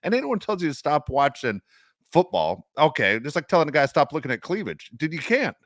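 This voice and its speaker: A man's voice: a little high, wildly swooping pitch, brisk, fairly bright tone, dry recording, studio quality. A man hosting a sports podcast, emphatic and sarcastic. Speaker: podcast host. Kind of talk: casual podcast chat.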